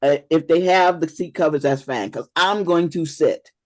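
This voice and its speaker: A woman's voice: deep voice, normal speed, a little mellow, no room sound, clean studio sound. A woman co-hosting a casual chat, bantering playfully with her friends. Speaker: co-host.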